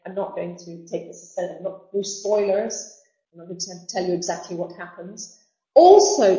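A woman's voice: medium pitch, a little mellow. A woman teacher explaining a novel to students, with chatty asides and restarts. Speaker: literature teacher. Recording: dull roomy sound.

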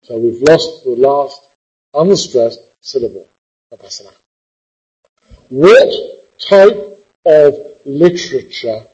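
A man's voice: medium pitch, dark tone, husky, muffled recording. A man teaching a poetry class, quizzing the students with a teasing, theatrical, impatient manner.

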